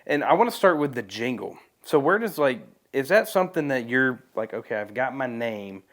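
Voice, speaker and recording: A man's voice: mid-range voice, big pitch swings, normal speed, fairly bright tone. A man hosting a podcast, asking questions in a loose conversational way. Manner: conversational, lots of "like" and restarts. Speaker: podcast host. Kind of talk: casual interview.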